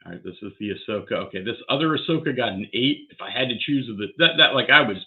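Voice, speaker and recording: A man's voice: medium pitch, animated, fast talker. Worked-up man on a tinny line. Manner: worked up, swearing, talking to himself. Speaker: card collector vlogger. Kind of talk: excited unboxing vlog. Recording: tinny phone-like sound.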